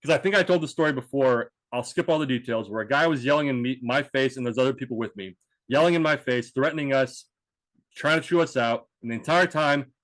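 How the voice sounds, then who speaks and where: A podcast co-host with a mid-range male voice rambles through a story in casual chat, restarting sentences and swearing along the way. The recording is dry.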